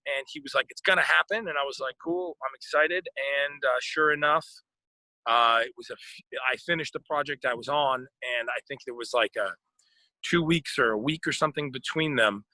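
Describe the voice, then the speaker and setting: An American actor chatting casually in an interview, rambling with lots of fillers and restarts. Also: male voice, mid-range voice, pushed and bright, no echo, rough recording. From United States.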